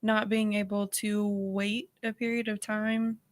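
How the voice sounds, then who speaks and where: Flat-toned woman guest explaining steadily. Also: mid-range voice. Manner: measured, explanatory, uses fillers. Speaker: guest counselor. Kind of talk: radio talk show conversation.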